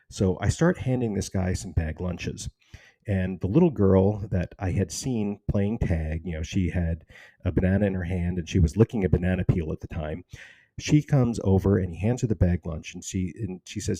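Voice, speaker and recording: A man's voice: sits low, normal speed, warm tone, breathy edge, dry recording. A man telling a personal story about his charity's beginnings, in an earnest, conversational, emotional way.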